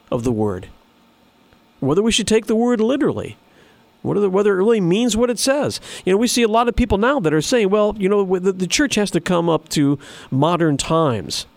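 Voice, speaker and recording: Man preaching, gravelly, lively pitch, fairly high, dry close sound, emphatic repeats. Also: dry recording. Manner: earnest, emphatic, repeats phrases for stress. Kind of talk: sermon with scripture reading.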